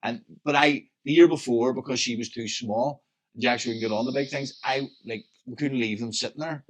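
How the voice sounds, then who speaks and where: Casting note: Northern Irish man, thirties, rambling sweary podcast co-host, mid-pitched. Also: normal speed. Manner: rambling, swears a lot, laughs often. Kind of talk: casual chat. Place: DJ studio.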